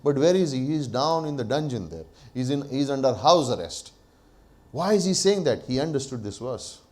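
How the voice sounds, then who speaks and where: A man's voice: mid-range voice, lively intonation, moderate pace, darkish tone. A male pastor preaching a sermon, posing rhetorical questions to the congregation, answering them himself, and laughing lightly between points. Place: church.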